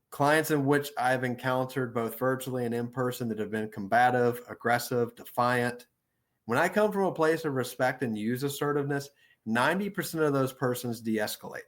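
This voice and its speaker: Steady, assertive male counselor. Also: mid-range voice. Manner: steady, assertive, deliberate delivery. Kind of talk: instructional talk on boundaries.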